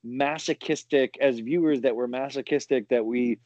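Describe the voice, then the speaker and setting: A man guesting on a podcast, talking casually in halting bursts with many restarts. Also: mid-range voice, a little mellow, no room sound, highs cut off.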